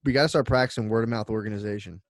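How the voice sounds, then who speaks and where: A man's voice: on the low side, rapid-fire, no room sound, studio quality. A man co-hosting a casual comedy podcast, rambling through an invented story and acting out little scenes with frequent laughter. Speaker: podcast co-host.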